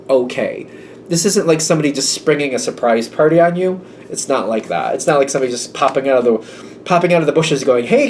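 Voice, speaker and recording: Guy doing a tarot reading, rambly and chatty, acting out little back-and-forths, average pitch, faint hiss behind. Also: a little mellow. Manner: rambling, thinks aloud, acts out little quoted exchanges. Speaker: tarot reader.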